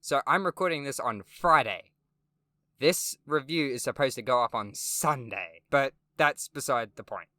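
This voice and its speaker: A young gaming-channel host gives a casual game review full of sarcastic, self-deprecating jokes, casual swearing, and rambling ums and repeated words. His medium-pitched voice is pushed and bright, unhurried, with lively intonation, in a dry recording.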